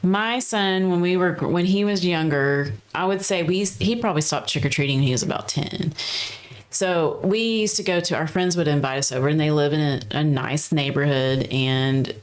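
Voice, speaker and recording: A woman in her forties, co-hosting a casual podcast chat and telling stories in an animated way, often restarting her sentences. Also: low-pitched, normal speed. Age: 40s. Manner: animated storyteller, frequent restarts and asides. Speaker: podcast co-host.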